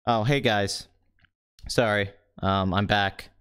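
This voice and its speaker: Male film host, low and clean voice, sarcastic and deadpan. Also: takes it slowly, clean tone. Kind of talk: comedic box office chat.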